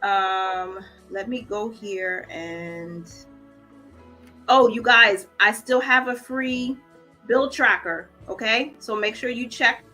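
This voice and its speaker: Bright-voiced woman hosting a money livestream. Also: mid-range voice, takes it slowly, soft background music. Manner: emotional, fighting back tears; warm, encouraging, reads viewer comments aloud. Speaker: budgeting channel host. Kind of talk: casual livestream chat with viewers.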